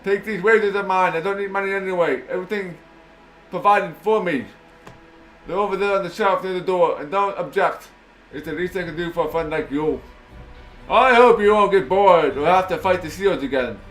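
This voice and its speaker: A man's voice: sits high, moderate pace, a bit bright, faint music behind. A man voicing a lonely, effusive lighthouse keeper in a fantasy game. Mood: gushing. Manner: gushing, effusive.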